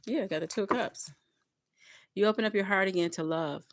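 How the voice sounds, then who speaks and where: A woman's voice: medium pitch, a little fast. A woman giving a collective tarot reading, talking straight to her viewers in a repetitive, encouraging way. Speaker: tarot reader. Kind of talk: collective tarot reading, spiritual pep talk.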